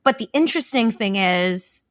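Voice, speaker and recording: Young woman guest, candid storyteller, swears easily, mid-pitched, dry mic. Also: expressive, moderate pace, no room sound. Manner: candid and profane, chatty. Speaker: guest, event founder. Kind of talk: casual podcast interview storytelling.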